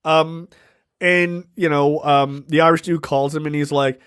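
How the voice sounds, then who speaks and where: A man's voice: fairly high pitch, steady tone, unhurried, fairly bright tone, clean tone. A man co-hosting a podcast, talking in a casual, sarcastic and profane way while retelling film scenes. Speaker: podcast co-host. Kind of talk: casual film-review chat.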